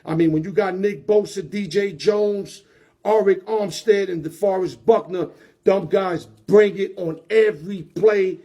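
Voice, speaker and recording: A man's voice: high-pitched, unhurried, warm tone. A man hosting his own sports show, talking in a slangy, emphatic way. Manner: slangy, emphatic, hype-driven. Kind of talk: casual sports commentary.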